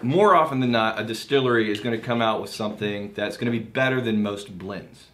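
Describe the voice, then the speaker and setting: A man's voice: on the low side, brisk, a bit bright. A man hosting a whisky tasting show, chatting casually, joking and reading out viewer questions. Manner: jokey, reads out viewer questions.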